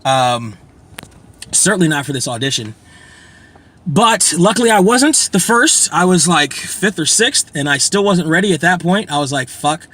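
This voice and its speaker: A man in his thirties with a hoarse voice, rambling through a casual self-deprecating vlog monologue and often clearing his throat. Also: on the high side, lively intonation, moderate pace, sharp tone. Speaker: vlogger.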